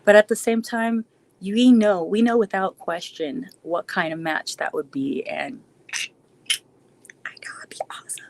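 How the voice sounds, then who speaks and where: A woman's voice: mid-range voice, steady tone, normal speed, creaky. A woman live streaming a casual Q&A, answering chat in a rambling, reflective way with frequent restarts.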